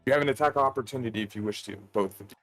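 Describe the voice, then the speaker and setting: A man running a tabletop game as game master, narrating in a casual, halting way with fillers. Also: medium pitch, fairly bright tone, faint music behind.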